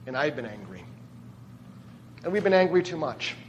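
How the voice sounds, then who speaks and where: High-voiced pastor preaching in a hall. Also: male voice, sing-song, moderate pace, slight background noise. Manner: conversational, asks the congregation questions. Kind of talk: sermon. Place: church.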